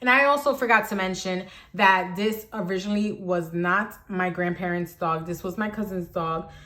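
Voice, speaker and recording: A woman's voice: lowish voice, moderate pace. Chatty young woman telling a story. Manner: chatty, animated, heavy use of "like". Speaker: storytime vlogger. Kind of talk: casual storytelling.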